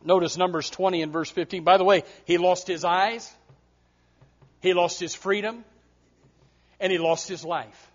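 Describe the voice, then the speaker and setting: A man preaching a sermon, emphatic, swinging between loud passages and hushed ones. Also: high-pitched, fairly even intonation, a little slow, pauses often. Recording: muffled lo-fi sound.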